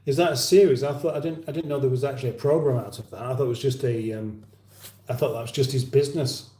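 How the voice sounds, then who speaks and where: A man's voice: medium pitch, fairly even intonation, fast, mellow. A man hosting a casual livestream chat, rambling with dry humour as he reads viewer comments. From England. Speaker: livestream host. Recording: roomy echo.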